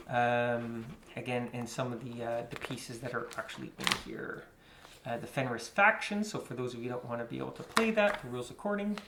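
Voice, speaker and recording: Man chatting through a board game unboxing. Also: mid-range voice. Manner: chatty, many fillers, rambling asides. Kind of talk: casual unboxing commentary. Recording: echoey room with faint noise.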